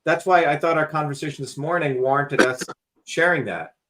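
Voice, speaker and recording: A man's voice: a little high, brisk, a bit bright. A man hosting a talk show, lecturing emphatically in casual conversation and cursing freely. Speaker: host.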